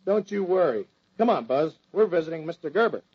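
An actor playing a determined football player hero in an old radio drama, firm and steady. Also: male voice, fairly high pitch, brisk, loud music behind the voice, natural voice. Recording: dull lo-fi old radio recording.

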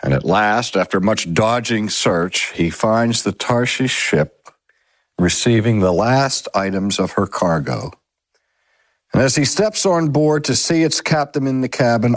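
A man reads an old sermon aloud, taking a measured and dramatic pace. His voice sits at an ordinary middle pitch. The recording is dry and close. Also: dry recording. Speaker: reader. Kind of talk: scripted narration of a sermon from a novel.

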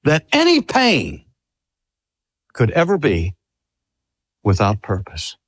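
A man's voice: medium pitch, wildly swooping pitch, slow pace, a bit bright, husky, no echo. An older man preaching a sermon. He speaks earnestly, drags out key phrases for emphasis and asks the listeners rhetorical questions. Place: talk at a cancer hospital.

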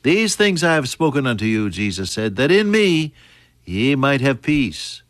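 An older man preaching a sermon, earnest, dropping to a hush and then rising to emphatic peaks. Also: mid-range voice, very animated, unhurried, no room sound, studio quality.

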